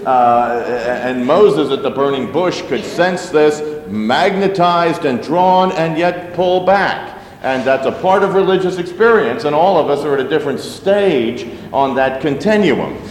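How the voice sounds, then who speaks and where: A man's voice: a little high, animated, a little slow, slight background noise. A man preaching a sermon to his congregation in a loose, conversational way, full of asides and fillers. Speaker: pastor. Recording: roomy sanctuary with long reverb.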